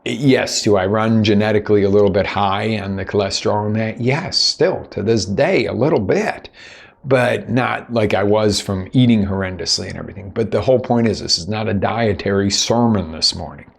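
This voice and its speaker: A man's voice: on the low side, normal speed, vocal fry. A man working as a life coach, telling a personal story in a conversational, sarcastic way and acting out what other people said. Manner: conversational, lots of "you know". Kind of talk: motivational storytelling monologue.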